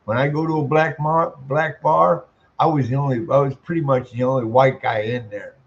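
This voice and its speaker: A man in his sixties with a voice he calls squeaky, ranting bluntly and swearing a lot as he comments. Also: fairly even intonation, normal speed. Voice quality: self-described squeaky voice. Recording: muffled lo-fi audio.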